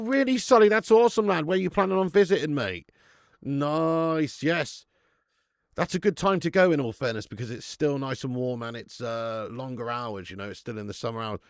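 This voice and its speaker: A man's voice: a little high, dry recording, clean studio sound. A man hosting a live football watch-along, swearing and laughing as he bants with viewers in the chat.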